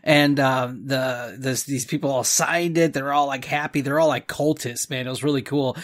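A man's voice: mid-range voice, steady tone, moderate pace, hardly any pauses. A man in his thirties telling a rambling story on a podcast, chuckling as he goes and acting out what people said. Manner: rambling, chuckling, acts out quotes. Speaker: podcast co-host. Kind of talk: casual storytelling chat.

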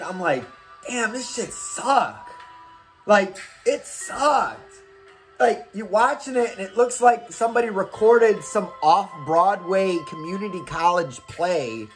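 A man with a high voice retells movie plots in a loose, profane, rambling comic rant. He swears constantly and acts out scenes as he goes. Quiet music sits faintly under him. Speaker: host recommending movies.

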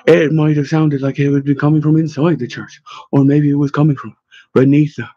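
A man narrates a story with measured, expressive pacing. His voice sits a touch high for a man yet sounds mellow and husky. The recording is dry and dull, as if muffled. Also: no echo. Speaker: audiobook narrator. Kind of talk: scripted narration.

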